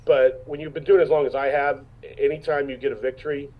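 A man's voice: medium pitch, little pitch movement, fast talker, highs cut off. A man in his fifties, an actor guest in a casual interview, telling stories and acting out what people said, with many restarts. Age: 50s. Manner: storytelling, acts out quotes, frequent restarts.

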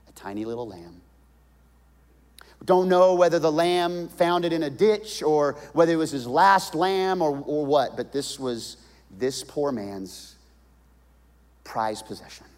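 A man preaching a sermon, retelling a story dramatically and swinging between hushed and loud delivery. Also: mid-range voice, big-room sound.

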